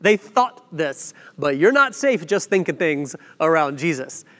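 A man preaching a sermon, telling a story with lively acted-out quotes and asides. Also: a little high, a little slow. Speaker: pastor. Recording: long hall reverb.

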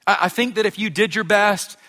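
Pastor guy preaching, high bright voice, casual storytelling, big echoey hall. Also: fairly quick. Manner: conversational storytelling with self-deprecating humor. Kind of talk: sermon. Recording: reverberant hall.

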